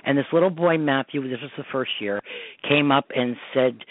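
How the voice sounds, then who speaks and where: Over a tinny phone line, a man hosts a call-in radio show in casual chat, his medium-pitched voice animated and a little fast with no echo. He tells long, rambling stories packed with fillers.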